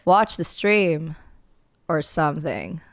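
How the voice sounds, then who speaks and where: A woman's voice: deep voice, big pitch swings, slow pace, no room sound. A woman vtuber streamer giving casual, jokey reaction commentary in a chatty, rambling way, close to the mic.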